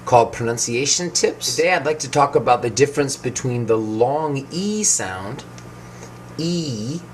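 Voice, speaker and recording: A man, an English speaker, explaining vowel sounds slowly and clearly as a pronunciation teacher. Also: medium pitch, lively intonation, slight background noise. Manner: tells anecdotes, acts out quoted people.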